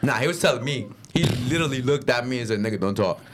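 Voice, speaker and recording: A young man telling a story in a casual, profane chat, swinging into loud acted-out quotes. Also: medium pitch, very fast, background noise. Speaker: podcast co-host and rideshare driver.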